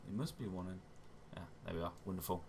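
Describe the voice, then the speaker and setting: A man's voice: low-pitched, fast, gravelly, noisy background. A man hosting a gaming channel, giving chatty step-by-step gameplay commentary and often correcting himself as he goes. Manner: chatty, self-correcting, often says "wonderful".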